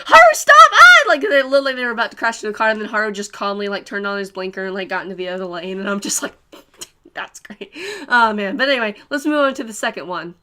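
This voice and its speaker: Giggly, rambling young woman, bright voice. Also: a little high. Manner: giggly, rambling, many fillers and laughs. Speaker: anime reviewer. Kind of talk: casual spoiler review.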